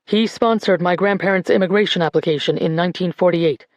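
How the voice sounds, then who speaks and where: A woman voicing a grieving man who gives a slow, measured eulogy at a church funeral. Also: on the low side, dry recording, natural voice. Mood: solemn, reflective. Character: grieving grandson giving a church eulogy, male adult.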